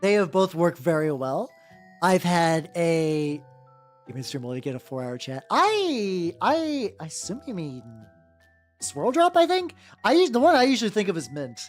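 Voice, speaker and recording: A woman's voice: fairly low pitch, sing-song, unhurried. A woman streamer chatting casually and rambling while she paints miniatures, joking at her own expense. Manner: rambling, self-deprecating. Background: faint background music.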